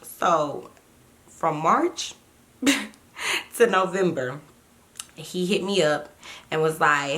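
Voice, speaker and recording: A young woman talks her viewers through a story in a relaxed, chatty way, with a voice sitting a little low for a woman. She repeats herself and stops to read old text messages aloud. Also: very slow, long pauses. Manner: chatty, repeats words, reads texts aloud. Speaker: vlogger telling a story. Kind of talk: casual storytime chat.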